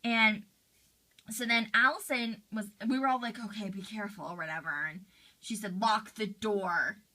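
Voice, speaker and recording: A woman's voice: medium pitch, normal speed, sharp tone, natural voice. A woman voicing a teenage girl in a fan role-play interview, retelling a frightening night with lots of "like". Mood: shaken. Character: teen girl friend, shaken storyteller.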